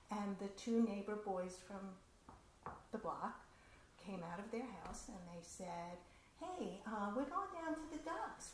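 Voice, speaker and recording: Woman storyteller, conversational, animated, roomy hall echo, faint ambience. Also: medium pitch, a little hiss or hum. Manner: conversational, animated, laughs often. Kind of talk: personal storytelling. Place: community center hall.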